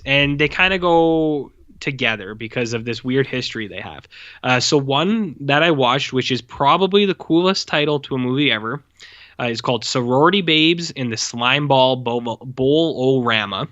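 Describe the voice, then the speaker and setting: A man's voice: mid-range voice, animated, moderate pace, a bit bright, highs cut off. A man co-hosting a podcast, recapping a movie in loose casual chat full of fillers. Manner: rambling, loose, lots of fillers. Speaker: podcast co-host.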